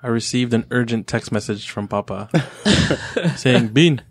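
A man's voice: medium pitch, measured pace, no echo, clean studio sound. A man co-hosting a casual podcast, telling a story and laughing as he goes. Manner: animated, laughs while telling stories. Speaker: podcast co-host.

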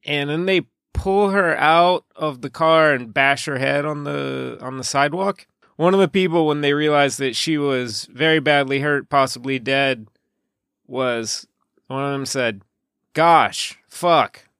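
A man co-hosts a podcast with a bright, tense edge and a crisp, resonant tone. His voice carries a lot of fry, and his thoughts meander and often trail off. The recording is close and dry. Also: on the high side, unhurried, dry recording. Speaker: podcast co-host. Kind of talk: casual film-discussion chat.

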